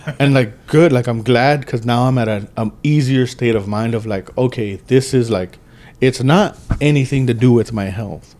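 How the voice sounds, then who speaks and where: A man's voice: mid-range voice, moderate pace, darkish tone. A man in his thirties hosting a podcast, talking in a rambling, casual way with lots of swearing and filler words. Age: 30s. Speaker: podcast host. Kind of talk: casual chat.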